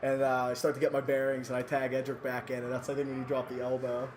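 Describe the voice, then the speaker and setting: This podcast co-host, a man, rambles through a backstage anecdote in a quick, monotone, mid-range voice that's a little mellow. He laughs frequently between bits, uses many fillers, and there's a little hiss or hum on the recording.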